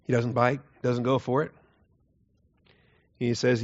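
A man teaching through Bible verses in an earnest, emphatic way, often dropping his voice low to stress a point. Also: little pitch movement, slow, pauses often. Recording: dull lo-fi recording.

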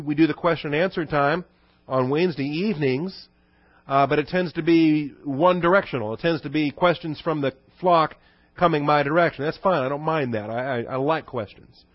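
A man preaching an expository sermon to his congregation, teaching conversationally and reading scripture quotes slowly and low. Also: dry recording. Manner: conversational teaching with rhetorical questions. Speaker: pastor. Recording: dull dry recording.

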